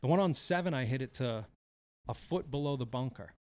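A man co-hosting a podcast, telling a golf story in casual chat, animated and profane, acting out what people said. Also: medium pitch, brisk, a little hiss or hum. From Wisconsin. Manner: animated, profane, acts out quotes. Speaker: podcast co-host.

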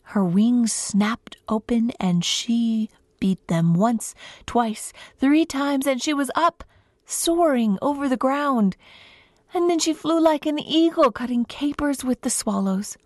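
A woman guest storyteller telling a folk tale to children in an expressive, lilting way, close to the mic. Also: on the high side, slow pace, dry recording.

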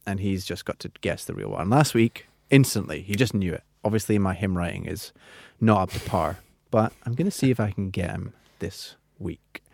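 Male host, chatty and halting, lowish voice, dry close sound. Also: creaky, darkish tone, no room sound. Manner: chatty, hesitant, laughs often. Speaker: podcast host. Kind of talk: casual chat.

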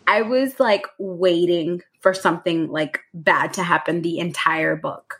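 A woman's voice: lowish voice, fairly even intonation, measured pace, a bit bright, slightly rough. A woman co-hosting a book podcast, chatting casually and rambling with lots of fillers. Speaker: podcast co-host.

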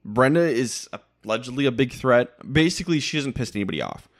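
A man talking through a reality-show recap on a podcast, his pitch bouncing around a lot as he goes. He is blunt and opinionated, with a casual, conversational delivery. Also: animated, fast talker. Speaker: podcast co-host.

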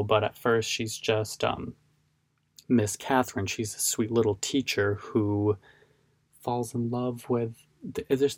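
A man's voice: fairly low pitch, dry recording. A man hosting a casual movie podcast, rambling and chatty with lots of fillers and restarts. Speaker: podcast host.

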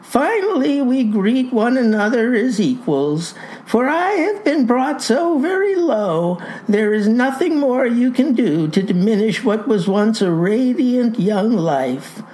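Woman playing a defiant young jailbird guy, high strained voice, lively swoops, storybook comedy. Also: takes it slowly, low-quality recording. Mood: aggrieved. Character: indignant young male prisoner, sulky and defiant.

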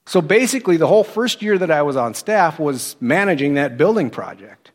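A middle-aged man giving a sermon, telling his own story in a conversational way with animated quoted asides. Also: on the high side, fairly quick. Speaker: associate pastor turned preacher. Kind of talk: sermon with personal testimony.

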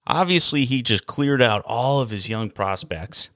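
A man's voice: mid-range voice, a little slow, dry recording. Hockey vlog guy ranting, sarcastic, lots of "why?", dry close sound. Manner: animated, sarcastic, rhetorical questions. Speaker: hockey vlogger. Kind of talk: casual opinion rant.

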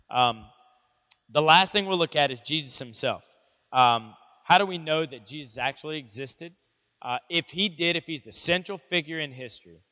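Casual, joking man teaching a Bible lesson. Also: on the high side. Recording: echoey hall, dull lo-fi sound.

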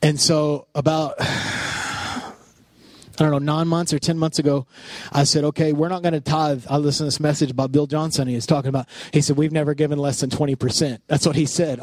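A man in his thirties preaching in an animated, personal way, often restarting his sentences. His voice sits a little high for a man and sounds dry and close, with no room echo. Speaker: pastor. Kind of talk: sermon.

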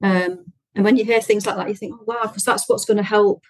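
A woman therapist as an interview guest, explaining her methods in a measured, encouraging way. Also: mid-range voice, fairly even intonation, slightly rough, no echo, low-quality recording. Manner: measured, explanatory, encouraging, frequent agreeing murmurs. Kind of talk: interview answers.

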